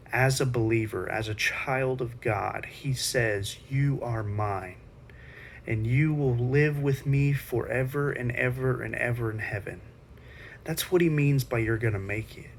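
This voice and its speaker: A man's voice: mid-range voice, a little hiss or hum. A man teaching Sunday school, retelling a Bible story in a casual, conversational way with slangy asides.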